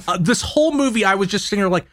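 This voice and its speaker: A man's voice: high-pitched, animated, rapid-fire, a bit bright. A man casually recapping a movie plot on a podcast, swearing and laughing along the way. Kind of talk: casual chat.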